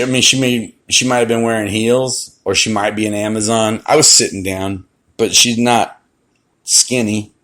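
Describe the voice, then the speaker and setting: A man's voice: fairly low pitch, fairly bright tone. A young man telling a crude, swearing-heavy story about trouble at his karaoke show. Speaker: karaoke host. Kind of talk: profane storytelling rant.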